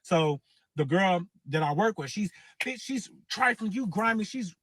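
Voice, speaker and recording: A man's voice: high-pitched, expressive, unhurried, a bit bright, dry recording. Profane man telling a story, dry sound. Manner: profane, rambling, repeats himself. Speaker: host. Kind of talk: casual storytelling.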